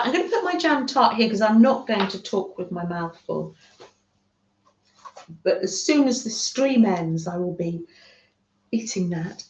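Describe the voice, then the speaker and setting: A middle-aged woman from the UK hosting a craft livestream, gushing and chatting with her viewers. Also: medium pitch. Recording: roomy, dull lo-fi home stream audio.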